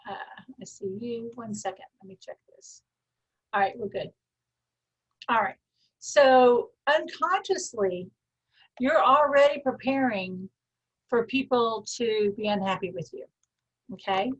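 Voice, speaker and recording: A woman with a Texas twang hosting a coaching call, riffing free form with deadpan humor and frequent laughs. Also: on the high side, unhurried, long pauses, breathy edge, muffled recording. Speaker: host, personal growth coach.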